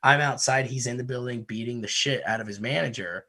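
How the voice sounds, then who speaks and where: A man's voice: medium pitch, brisk. Profane storytelling man from Connecticut. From Connecticut, USA. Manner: profane, animated, laughs through his story. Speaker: podcast host. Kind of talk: casual storytelling.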